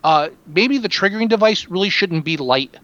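A man chatting casually about a film, sarcastic, animated and quick to swear. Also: high voice, highs cut off. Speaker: podcast co-host reviewing a film. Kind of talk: casual profane movie chat.

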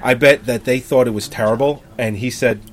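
A man's voice: medium pitch, steady tone, brisk. A man in his thirties chatting casually as co-host, blunt and profane, often laughing. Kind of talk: casual chat.

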